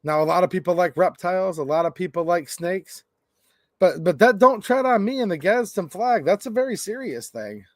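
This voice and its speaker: A man's voice: high voice, lively intonation, normal speed, no echo, studio quality. A man hosting a livestream, chatting casually in a rambling, joking way and reading out comments from the chat. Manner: rambling, jokey, reads chat aloud. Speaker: gun rights channel host.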